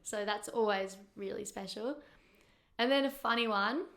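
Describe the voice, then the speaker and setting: A woman's voice: medium pitch, moderate pace, a bit bright. A young woman, a pro surfer as guest, chatting casually, giggly and loose with lots of fillers. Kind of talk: casual chat.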